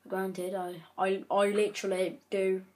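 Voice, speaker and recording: A woman's voice: mid-range voice, little pitch movement, moderate pace, darkish tone. A woman giving chatty gameplay commentary, breaking into frequent frustrated outbursts. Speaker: gaming channel host.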